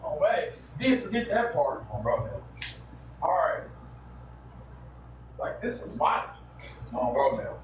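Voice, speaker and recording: A man hosting a livestream, talking in a blunt, profane, animated rant. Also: medium pitch, slow, pauses often, a little hiss or hum. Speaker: livestream host. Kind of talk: casual ranting livestream.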